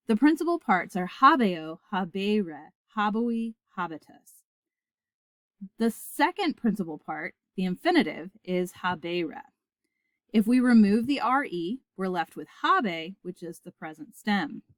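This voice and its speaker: A woman gives a Latin grammar lesson in a clear, deliberate voice, spelling out each form slowly enough to repeat back. Her voice sits in a middle register for a woman. The sound is dry and close, with no room around it. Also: mid-range voice, no room sound. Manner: clear, deliberate, recites forms aloud for listeners to repeat. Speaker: Latin teacher. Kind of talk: scripted lesson narration.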